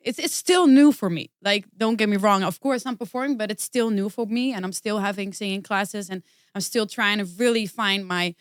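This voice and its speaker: A woman guest vocalist chatting casually on a podcast, halting and self-deprecating, often restarting her sentences. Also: medium pitch, clean tone, dry recording, clean studio sound.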